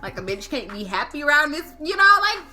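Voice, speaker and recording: A woman's voice: high-pitched, a little fast, soft background music. A woman telling a casual, slangy, profane story to camera, acting out the people in it. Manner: slangy, profane, animated, acts out quotes. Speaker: storytime vlogger.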